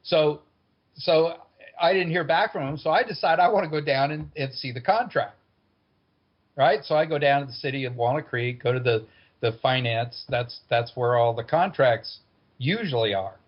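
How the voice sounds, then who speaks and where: A man's voice: medium pitch, normal speed. A man telling a personal story in a wry, conversational way. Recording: dull lo-fi recording.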